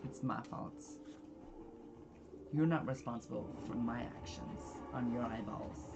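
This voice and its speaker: Speaking a little slowly in a creaky mid-range voice over music, with the highs cut off, a let's play gamer in their thirties comments casually on gameplay. They are blunt and forward, laugh a lot, and say they're socially awkward.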